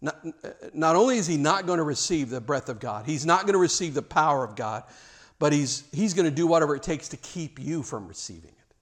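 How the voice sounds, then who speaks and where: Emphatic preacher man, higher voice. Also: lively intonation, a little fast. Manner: emphatic, repeats words, rhetorical questions. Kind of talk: sermon.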